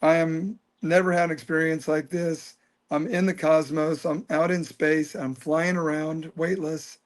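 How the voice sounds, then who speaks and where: A man in his fifties telling a personal story as an interview guest, earnest and animated. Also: a little high, unhurried. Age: 50s.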